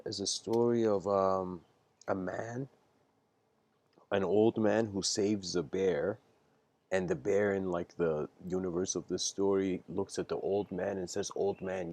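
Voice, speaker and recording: A man's voice: low voice, steady tone, a little slow, darkish tone. A man giving a casual livestreamed lecture, meandering and hesitant with slangy phrasing.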